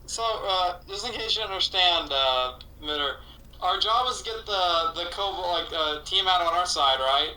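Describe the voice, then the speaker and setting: Bright, high-voiced male player, rambling. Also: animated, normal speed, poor audio. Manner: rambling, stumbling explanations. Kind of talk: casual tabletop chat.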